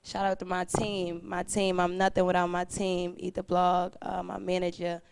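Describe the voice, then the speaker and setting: A woman chatting casually as a guest artist, excited and full of slang. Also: fairly low pitch, vocal fry, clean tone. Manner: excited, slangy, quick shout-outs. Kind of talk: casual chat.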